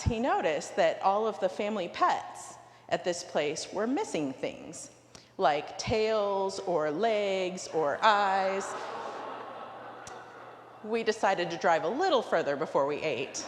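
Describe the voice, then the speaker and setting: Woman preaching in a roomy cathedral. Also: mid-range voice. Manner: animated storyteller acting out quoted dialogue. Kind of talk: sermon with personal storytelling. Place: large cathedral. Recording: roomy hall with long reverb.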